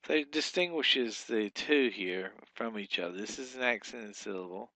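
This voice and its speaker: A man's voice: lowish voice, normal speed, sharp tone, no room sound. Man explaining a language lesson, dry. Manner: explains rules step by step, with many fillers and restarts. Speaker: Hebrew teacher. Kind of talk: recorded grammar lesson.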